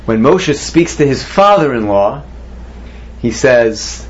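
A man's voice: medium pitch, animated, slow pace, a little hiss or hum. A man teaching a Torah class, posing questions to his students and mixing Hebrew terms into his explanations. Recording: dull lo-fi recording.

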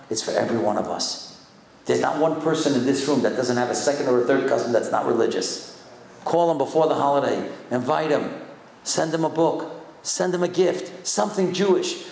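A man's voice: mid-range voice, gravelly, a little mellow. An older man, a rabbi, giving a sermon as an impassioned storyteller who urges his congregation with rhetorical questions. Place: hall with a congregation. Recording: echoey room.

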